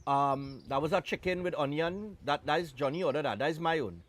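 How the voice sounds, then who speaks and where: A Trinidadian man hosts a live morning show, talking in a chatty, joking way. His voice sits fairly high for a man. He slips into loose Caribbean phrasing as he goes. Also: a little fast. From Trinidad and Tobago. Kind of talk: casual on-air chat.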